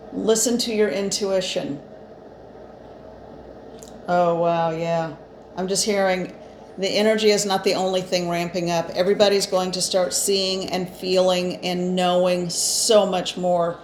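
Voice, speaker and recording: A woman with a lowish voice gives a casual spiritual card reading as a psychic reader, speaking slowly in a level tone with long pauses. She is chatty and reassuring, uses fillers and restarts, and sounds a bit short of breath. The echoey room carries faint ambient noise.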